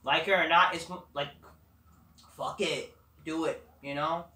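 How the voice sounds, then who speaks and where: Woman going off on a wrestling recap, swears a lot, sharp bright voice, sits back from the mic. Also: low voice, steady tone, unhurried, distant mic. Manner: profane, blunt, rambling. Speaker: wrestling show reviewer. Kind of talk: casual ranting recap. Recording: echoey room, away from the mic.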